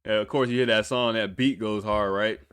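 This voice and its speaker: A man's voice: fairly low pitch, fairly even intonation, a little fast, fairly bright tone, smooth, dry recording. A man hosting a podcast, reacting to a music video in casual, blunt, profane talk, often breaking into incredulous laughter. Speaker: podcast host.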